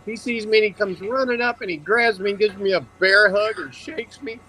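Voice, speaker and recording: A man chatting casually on a video call, telling lively, rambling anecdotes. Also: high voice, a little fast, slight background noise, poor audio. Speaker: guest. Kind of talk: casual storytelling chat.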